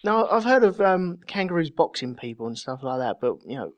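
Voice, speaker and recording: Man, podcast host, animated pitch, dry close sound, chatty. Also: a little fast, no echo. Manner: chatty, giggly, reads news stories aloud. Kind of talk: casual podcast chat.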